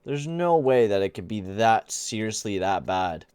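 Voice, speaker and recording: A man's voice: lowish voice, sing-song, unhurried, a little mellow, clean tone, dry recording. A young man giving casual gameplay commentary, rambling and exasperated, full of slang like "dude" and "bruh". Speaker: gaming channel host.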